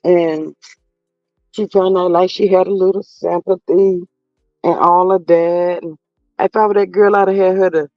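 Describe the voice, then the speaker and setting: A man with a high, gravelly voice drawls through sassy gossip for his live-stream viewers. The sound is dry and close, a little dull and lo-fi, with faint music underneath. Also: flat delivery, normal speed, dry recording. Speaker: commentary channel host reading live chat. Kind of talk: casual live-stream commentary.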